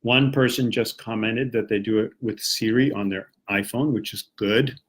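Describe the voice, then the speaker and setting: American English teacher on a live stream, low husky voice, easygoing and encouraging. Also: male voice, fairly even intonation, moderate pace, fairly bright tone. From United States. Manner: casual, encouraging, talks while reading comments. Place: home, Japan.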